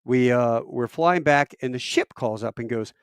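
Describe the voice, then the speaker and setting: A middle-aged man, a military veteran, telling a long personal story in a casual, animated way, with self-deprecating asides and rambling fillers. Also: moderate pace, clear, resonant tone, no echo, studio quality. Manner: animated, acts out quoted voices with big pitch jumps.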